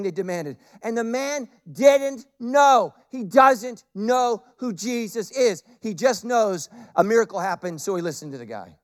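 A male pastor with a high-sitting voice preaches a sermon, animated and humorous, swinging between loud bursts and quiet, intense asides.

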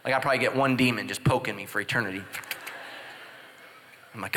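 Animated joking pastor in a big hall. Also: male voice, rapid-fire, pauses often, a little hiss or hum. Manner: animated, jumps into loud high exclamations and drops to hushed confessions. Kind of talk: humorous sermon with storytelling.

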